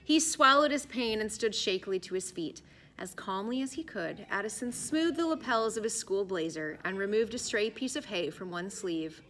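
A woman narrates an adventure story with an expressive, storytelling delivery. Her voice is bright and sharp. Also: medium pitch, normal speed, a little hiss or hum. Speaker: audiobook narrator. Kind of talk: scripted narration.

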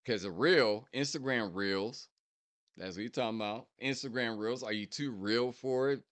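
Guy reacting to a diss track, keeps repeating lines and explaining em, animated. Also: mid-range voice, moderate pace. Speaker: reaction channel host. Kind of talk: casual reaction commentary.

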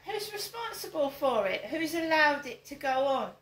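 A woman's voice: high-pitched, big pitch swings, moderate pace, fairly bright tone, reverberant, rough recording. An older woman, talking straight to camera, stressing her points and repeating them as rhetorical questions. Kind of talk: direct-to-camera monologue.

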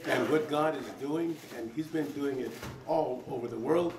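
Gravelly man, far off in an echoey crowded room. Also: on the high side, moderate pace, background noise. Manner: thankful, full of praise. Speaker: visiting preacher. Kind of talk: post-service address.

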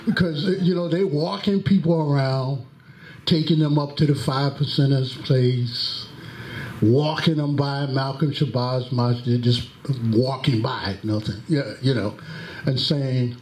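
Slow, deliberate man in an echoey hall. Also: medium pitch, fairly even intonation, darkish tone. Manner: deliberate, drawn-out delivery with acted-out quotes. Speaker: host introducing a lecture. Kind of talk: storytelling lecture introduction. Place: mosque hall. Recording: echoey hall with faint background noise.

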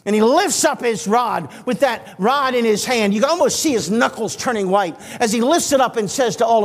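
Evangelist, man, 60s, high voice, animated storytelling sermon with dry humor. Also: a little fast, hardly any pauses, big-room sound. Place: church auditorium.

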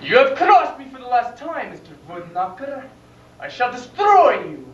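A man's voice: a little high, a little slow. Suave vampire count, played by a man on stage. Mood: menacing. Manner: courtly, theatrical, florid flattery. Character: suave vampire count, smooth-talking foreign nobleman. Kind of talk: amateur stage play. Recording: echoey hall, distant mic, dull sound, noise.

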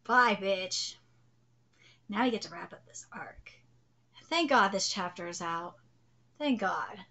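A woman streaming a casual live reaction to a manga chapter, profane, excitable and blunt. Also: medium pitch, unhurried, breathy edge.

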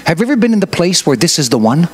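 A man's voice: on the high side, big pitch swings, very fast, background noise. A man in his fifties preaching a sermon as pastor of a church, often asking the congregation questions and adding joking asides. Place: church sanctuary.

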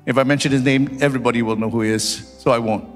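A man's voice: mid-range voice, steady tone, fast, soft background music. A man who is a pastor, preaching a sermon with personal stories and rising into fervent prayer. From Singapore. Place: church hall. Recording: church hall with long reverb.

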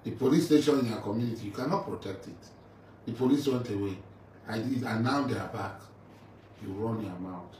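A man's voice: lowish voice, a little fast, a little mellow. A middle-aged man with a Nigerian English accent, delivering an angry, mocking rant at a rival. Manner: taunting, confrontational, mocking. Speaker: militant leader addressing a rival. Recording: roomy, distant mic with faint ambient noise.

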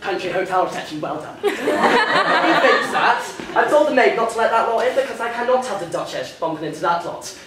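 A young actor playing a flustered, rambling bridegroom on a theatre stage, recorded from far off in an echoey room. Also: male voice, sits high, very animated, a little fast, hardly any pauses, very noisy. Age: young adult. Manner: flustered, rambling, nervous laughs. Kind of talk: stage comedy performance.

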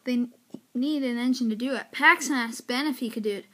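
A young narrator improvising a toy-train story, halting now and then and sighing between lines. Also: mid-range voice, pushed and bright.

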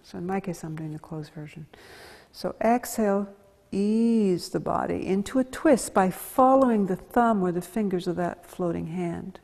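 A woman guides a gentle yoga class with slow, calm cues, soft hums and near-whispered breath prompts. Her voice is dark and mellow with a breathy, husky edge. A long reverb trails behind her words. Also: on the low side. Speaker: yoga teacher.

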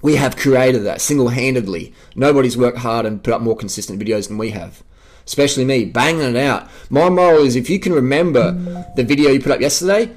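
A man's voice: mid-range voice, darkish tone. An Australian man vlogging an unscripted rant, emphatic and profane, hammering his points by repeating phrases. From South Australia.

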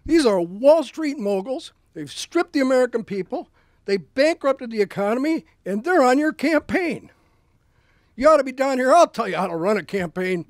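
A man voicing a brash, indignant male populist politician who scolds loudly. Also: extremely high pitch, expressive, normal speed, no echo, clean studio sound, pitched above the performer's own voice. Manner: loud, scolding, hectoring.

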